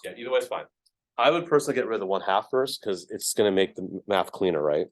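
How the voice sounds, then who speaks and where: A man's voice: fairly low pitch, lively intonation, quick pace, no echo. A man teaching a math class, explaining each step casually with lots of ums and checks of "right?". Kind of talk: classroom lecture.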